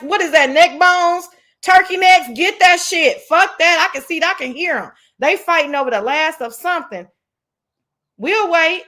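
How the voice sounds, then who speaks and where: A woman hosting a casual livestream chat, brash and profane, telling stories with lots of energy. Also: high-pitched. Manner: brash, profane, animated storytelling. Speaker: livestream host.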